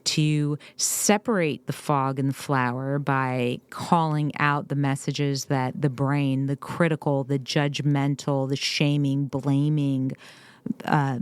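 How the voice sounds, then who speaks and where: A woman's voice: extremely low pitch, clear, resonant tone, dry recording. A middle-aged woman co-hosting a parenting talk, affirming and reflective. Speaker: podcast co-host, parent.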